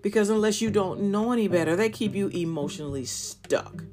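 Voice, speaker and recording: A middle-aged woman hosting a podcast, telling a personal dating story in a candid, animated way and talking straight to her listeners. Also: mid-range voice, brisk, over music. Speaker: podcast host.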